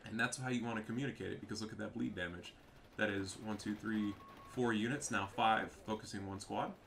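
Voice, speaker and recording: A man's voice: on the low side, fairly even intonation, a little fast, gravelly, a bit bright. A man giving profane, trash-talking commentary over a strategy game match. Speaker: gameplay commentator.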